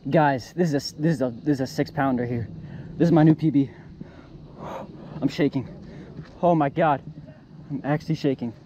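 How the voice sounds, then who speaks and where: A young man filming himself fishing outdoors, excitedly narrating his catches and repeating exclamations as he reels them in. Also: medium pitch, moderate pace, pauses often, slight background noise. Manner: excitable, repeats exclamations while reeling in fish. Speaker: fishing vlogger. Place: outdoors by the water.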